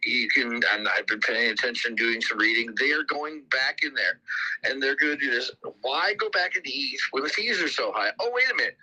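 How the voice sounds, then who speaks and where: A man's voice: medium pitch, bright, forceful tone, husky, low-quality recording. A man hosting a casual crypto livestream, talking in a rambling way and often repeating his words. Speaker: crypto community host.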